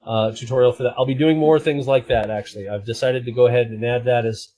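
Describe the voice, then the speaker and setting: A man chats casually on his live stream, rambling from one aside to the next. His voice sits at a middling pitch and his manner is playful and loose. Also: fairly even intonation, quick pace, dark tone, low-quality recording.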